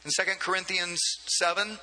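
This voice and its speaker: High bright-voiced male pastor preaching. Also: level tone, normal speed. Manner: conversational preaching, many asides and repeated words. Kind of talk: sermon. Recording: long hall reverb.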